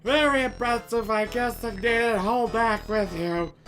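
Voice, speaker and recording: A woman's voice: on the high side, measured pace, a bit bright, soft background music, pitched above the performer's own voice. A woman streamer voicing a vain, theatrical ghost pianist in a video game, reading her lines in a flowery, grand manner. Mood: gracious.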